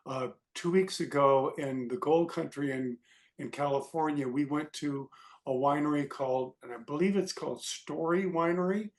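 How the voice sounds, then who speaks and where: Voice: medium pitch, moderate pace. Enthusiastic panelist on a video call. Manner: enthusiastic, emphatic, jokey. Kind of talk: casual chat on a video call.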